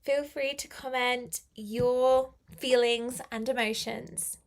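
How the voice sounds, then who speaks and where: A woman's voice: fairly high pitch, fairly even intonation, takes it slowly. A woman teaching a live online English lesson, chatty and encouraging as she answers viewer comments.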